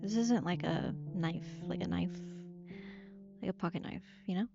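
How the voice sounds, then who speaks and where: A woman's voice: lowish voice, moderate pace, creaky, highs cut off, loud music behind the voice. A young woman giving playful, incredulous commentary while she plays a game. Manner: reactive, playful, incredulous asides. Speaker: gaming streamer. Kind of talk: let's play commentary.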